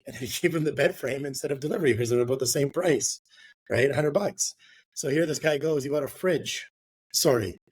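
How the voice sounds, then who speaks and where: A man's voice: medium pitch, fairly quick, breathy edge, dry recording. Chatty man telling a work story. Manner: rambling, filler-heavy, swears, ends with "right?". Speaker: real estate agent guest. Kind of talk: casual storytelling interview.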